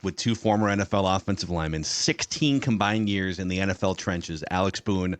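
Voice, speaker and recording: A man's voice: deep voice, brisk, no room sound. A man hosting a casual sports podcast, with an upbeat, playful host delivery.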